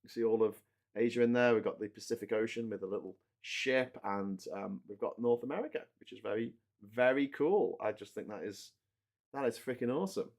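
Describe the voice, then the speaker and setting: A man's voice: mid-range voice, a little fast, gravelly. A man, chatting casually and joking as he assembles a model, often correcting himself. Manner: chatty, rambling, self-correcting, jokey. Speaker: host building a model while talking. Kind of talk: casual live chat.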